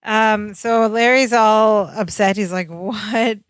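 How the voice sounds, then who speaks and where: A woman's voice: medium pitch, takes it slowly, no echo. Woman retelling a sitcom episode, dry mic. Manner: animated retelling with quoted dialogue. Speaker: podcast co-host. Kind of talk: casual chat recapping a sitcom episode.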